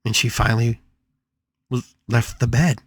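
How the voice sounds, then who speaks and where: A man's voice: medium pitch, fairly even intonation, unhurried, no echo. A man hosting a spiritual podcast, telling a story dramatically with emphatic repetitions. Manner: dramatic, emphatic, repeats phrases for effect. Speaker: podcast host.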